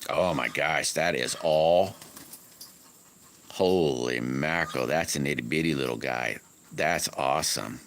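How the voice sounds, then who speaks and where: Speaking at a measured pace in an extremely deep voice, a man livestreams from his home on wooded land, talking with viewers about his workshop. He's a slingshot maker who rambles and corrects himself as he goes, with a bit of noise in the background.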